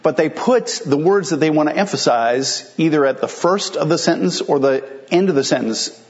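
A man's voice: a little high, animated, moderate pace, lo-fi sound. A male pastor preaching a sermon in a conversational, explanatory way, asking rhetorical questions and answering them.

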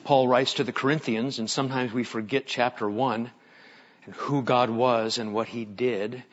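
A male pastor preaching a sermon, telling stories dramatically and swinging from hushed, slow lines up to loud, emphatic ones. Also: mid-range voice, steady tone, highs cut off.

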